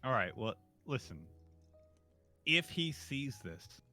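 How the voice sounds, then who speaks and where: Bright, animated man bantering. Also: mid-range voice, slow, faint music behind. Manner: bantering, profane, mock-outraged. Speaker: streamer host. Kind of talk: casual chat.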